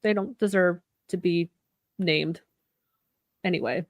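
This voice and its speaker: A woman's voice: on the low side, takes it slowly, no room sound. A woman co-hosting a podcast, reading reviews aloud with wry, dry amusement in a casual chat. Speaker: podcast co-host.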